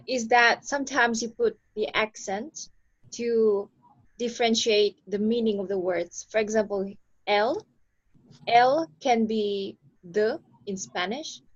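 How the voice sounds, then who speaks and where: A woman co-teaching a language lesson, calmly explaining with examples. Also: mid-range voice. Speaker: co-host teacher. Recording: slightly dull lo-fi recording.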